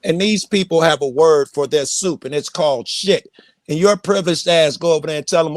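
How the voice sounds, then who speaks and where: A man's voice: a little high, brisk, dry recording, clean studio sound. A man arguing bluntly and passionately in a heated podcast debate, swearing freely. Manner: blunt, profane, impassioned. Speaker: host.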